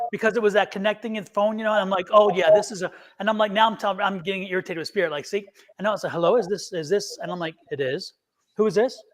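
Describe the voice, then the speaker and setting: A man who reads tarot, chatting casually on a live stream and telling a rambling story, acting out each voice in the conversation. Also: sits high. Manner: animated storyteller who acts out both sides of conversations. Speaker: tarot reader and show guest.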